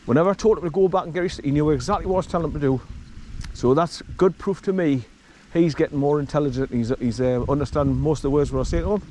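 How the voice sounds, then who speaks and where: A man records his hike through the rural forest, chatting away to viewers as he goes. His voice sits on the high side and sounds mellow, he talks fast, and there's a little background noise.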